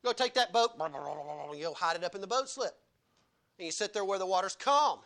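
A man delivers a sermon with a high, bright voice. He hammers his points home and keeps asking the congregation questions. He sounds like a pastor preaching from the pulpit in church. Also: lively intonation, moderate pace, creaky. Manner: emphatic, asks the congregation repeated rhetorical questions.

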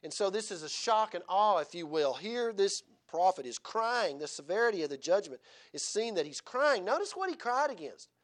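A man's voice: high voice, big pitch swings, normal speed. A man preaching a sermon in church, reading scripture aloud and driving his points home with rhetorical questions. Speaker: pastor.

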